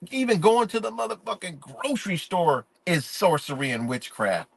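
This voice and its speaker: A man's voice: fairly high pitch, sing-song, moderate pace, vocal fry, few pauses, slightly rough, no echo. A man ranting in a profane, emphatic, preachy way during a live-stream monologue.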